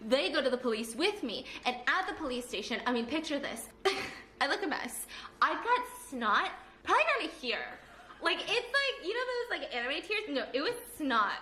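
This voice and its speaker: A woman telling a personal story in casual, animated talk, acting out the people in it. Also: sits high, slight background noise. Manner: animated and fast, acting out her parents and a police officer. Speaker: storyteller in a played clip. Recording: echoey room.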